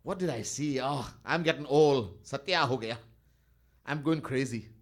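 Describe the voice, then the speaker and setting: A man's voice: medium pitch, normal speed, voice pushed down, natural voice. A man voicing an elderly mother who mutters to herself in confusion. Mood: confused. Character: elderly mother, bewildered and fond.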